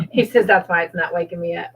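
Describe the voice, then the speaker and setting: A woman's voice: lowish voice, brisk, slightly rough, rough recording. A woman hosting a livestream trivia game, cheerfully reading out viewers' comments and laughing often.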